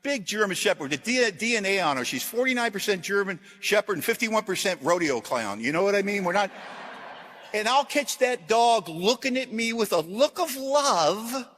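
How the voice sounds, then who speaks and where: A middle-aged man giving a recovery talk to a large audience, telling self-deprecating stories with punchy one-liners and shifting from loud jokes to quiet earnestness. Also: high voice, sing-song, moderate pace. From Washington, USA. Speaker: AA convention speaker.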